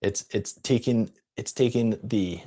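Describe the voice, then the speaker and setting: A man coaching on a live video, telling a story in a casual, animated way with laughs and quick voice switches. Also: lowish voice. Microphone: live-stream setup.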